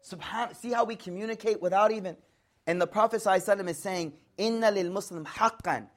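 An African American man from the United States giving a lively, conversational religious lecture, acting out voices to show tone. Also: high voice, quick pace. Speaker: Islamic teacher.

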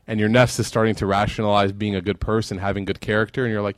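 A man's voice: on the low side, steady tone, fast, hardly any pauses, no echo, studio quality. A man giving a sermon, telling a story and then closing in fervent prayer. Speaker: preacher.

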